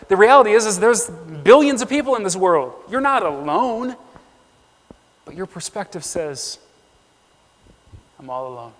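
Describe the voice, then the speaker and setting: A man's voice: high voice, lively intonation, moderate pace. A man preaching an earnest sermon in a church, reading scripture aloud and acting out the quotes. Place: church sanctuary. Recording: long reverb of a church hall.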